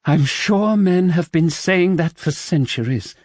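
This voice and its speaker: A woman's voice: on the low side, lively intonation, a little slow, a little mellow, no echo, pitched above the performer's own voice. A man voicing a proud, wary young widow who works as a paid companion, speaking tensely and defensively in an audiobook. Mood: distraught.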